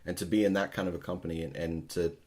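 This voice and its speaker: A man's voice: low-pitched, little pitch movement, quick pace, darkish tone. A man hosting a podcast, ranting in a profane, exasperated way in casual talk. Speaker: podcast host.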